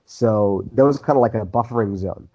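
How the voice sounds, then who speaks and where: A man from South Africa with a lightly worn South African Indian accent, telling stories in a relaxed, rambling way as an interview guest. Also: fairly low pitch, normal speed, husky, dull audio. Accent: South African Indian, diluted. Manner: relaxed, rambling with restarts and fillers. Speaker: guest, actor. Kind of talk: casual interview storytelling.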